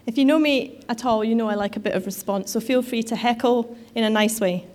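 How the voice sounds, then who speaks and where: A woman's voice: on the high side, fairly quick, darkish tone. A woman giving a sermon in a conversational way, with frequent fillers and restarts. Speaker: preacher.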